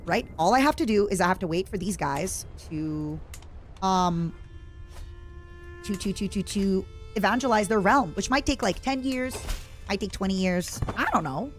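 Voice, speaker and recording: A woman streamer giving chatty, self-mocking commentary while playing a strategy game, now and then bursting into excited shouts. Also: mid-range voice, moderate pace, faint music behind. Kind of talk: casual gameplay commentary.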